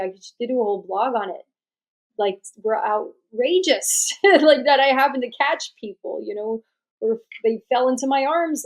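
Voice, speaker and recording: A woman, a podcast guest telling a personal story in a chatty, animated way and laughing often. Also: mid-range voice. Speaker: podcast guest, death doula. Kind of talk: storytelling in an interview.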